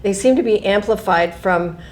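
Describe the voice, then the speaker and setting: A middle-aged woman author talking casually in an interview, animated, often laughing and restarting her sentences. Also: medium pitch, normal speed.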